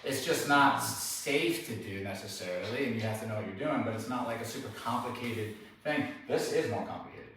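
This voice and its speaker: A man's voice: on the low side, a little fast, hardly any pauses. Man dog trainer in a very echoey room. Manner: relaxed, explanatory, conversational. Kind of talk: hands-on training demonstration. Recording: very echoey room, distant mic, faint noise.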